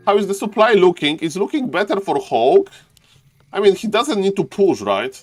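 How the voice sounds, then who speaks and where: A man casting a live strategy game match on his stream, talking fast to chat and jumping into high-pitched shouts when big plays happen. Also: very animated, faint music behind. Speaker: esports caster and streamer.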